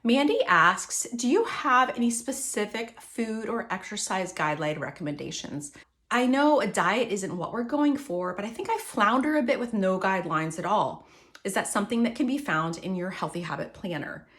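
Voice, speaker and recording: A woman hosting a faith-based wellness podcast, coaching listeners and acting out anxious and calm self-talk. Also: medium pitch, normal speed. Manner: warm coaching tone, acts out inner self-talk. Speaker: podcast host.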